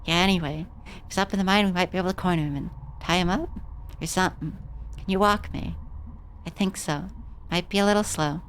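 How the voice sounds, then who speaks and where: Woman streamer, young, lowish voice, casual and foul-mouthed, reads game dialogue aloud. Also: fairly even intonation, a little fast, a bit bright, slight background noise. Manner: casual, swearing freely.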